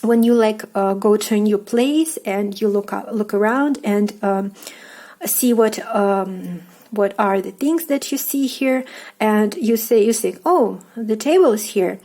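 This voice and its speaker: A young woman with a Russian accent, a native Russian speaker, giving a casual online language lesson in a halting way with many fillers and restarts. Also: medium pitch, mellow. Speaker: language teacher.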